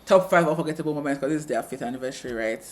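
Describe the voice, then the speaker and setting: A man co-hosting a casual TV review chat, retelling scenes with quick asides. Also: on the high side. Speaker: co-host of a TV review channel.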